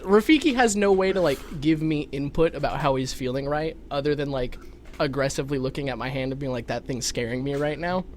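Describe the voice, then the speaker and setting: A man co-hosting a podcast, telling stories in an animated, slightly anxious casual way. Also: fairly high pitch, a little fast, slight background noise. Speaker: podcast co-host. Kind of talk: casual chat.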